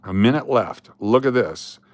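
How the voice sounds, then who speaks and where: A man's voice: mid-range voice, lively intonation, unhurried, no room sound, studio quality. A man hosting a casual live stream, rambling along and breaking into sudden exasperated rants.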